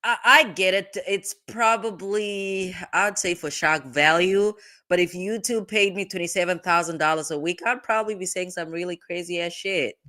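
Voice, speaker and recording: A woman's voice: on the low side, moderate pace, pushed and bright. A woman lawyer hosting a show, giving chatty, incredulous reaction commentary and thinking aloud. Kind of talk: casual legal reaction commentary.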